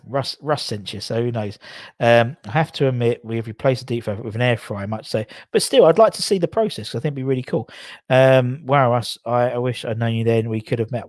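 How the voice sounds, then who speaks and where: Bloke hosting a chatty live stream, rambles and backtracks, dry close sound. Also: male voice, medium pitch, a little mellow, no echo. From England. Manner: rambling, self-correcting, chatty. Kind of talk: casual live-stream chat with viewers. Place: home.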